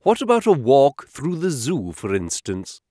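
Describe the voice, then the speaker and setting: A man's voice: medium pitch, huge pitch swings, measured pace, mellow, no echo, studio quality. A man voicing a witty, eager Victorian-era detective in an audiobook. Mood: wry. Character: eager brilliant male detective, dry wit.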